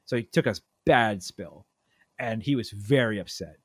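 A man's voice: fairly low pitch, moderate pace, slightly rough, dry recording, clean studio sound. A man in his thirties chatting casually on a podcast, telling a story and acting out the quoted lines with big jumps in his voice. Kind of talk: casual chat.

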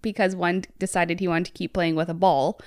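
A woman's voice: on the low side, flat delivery, a little fast, darkish tone. A woman guest co-hosting a parenting podcast in casual chat, matter-of-fact and wry. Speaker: guest co-host.

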